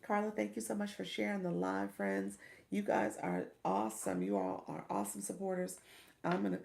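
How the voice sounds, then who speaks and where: A woman's voice: medium pitch, very animated, normal speed, gravelly, a little mellow. A middle-aged woman hosting a casual livestream, coaching viewers, chatting and greeting them by name, often stumbling over how to say their names. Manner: encouraging, coaching tone with repeated "okay?".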